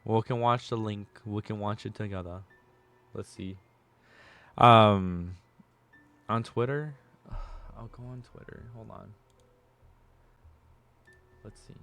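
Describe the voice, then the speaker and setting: A man's voice: lowish voice, a little slow, gravelly, pauses often. A male streamer chatting casually with his viewers, rambling through restarts and fillers.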